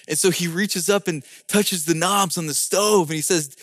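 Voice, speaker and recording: High-voiced man telling a lively story. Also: normal speed, dry recording, clean studio sound. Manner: animated storyteller acting out scenes. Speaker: speaker giving a prepared talk. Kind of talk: storytelling talk with rhetorical questions.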